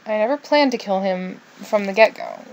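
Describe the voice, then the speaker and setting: A woman reading the lines of a grumpy, foul-mouthed young Italian man in a game, gruff and brusque, with a gravelly edge. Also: medium pitch, normal speed, darkish tone, natural voice. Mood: grumbling.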